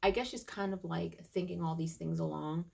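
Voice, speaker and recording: Woman vlogger, low and gravelly, chatty recap full of fillers. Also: fairly even intonation, normal speed, darkish tone. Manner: chatty, many fillers and restarts. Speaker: YouTube TV reviewer. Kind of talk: casual episode recap.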